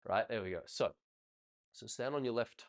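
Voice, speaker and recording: A man coaching a ballroom student over video, chatty and encouraging, counting steps out loud. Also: fairly low pitch, normal speed.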